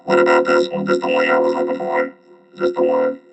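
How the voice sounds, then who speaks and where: A deep gravelly robot. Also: male voice, monotone, a little fast, exaggerated voice. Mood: casual. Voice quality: gravelly, mechanical. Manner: casual streamer banter. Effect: voice changer. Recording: loud music behind.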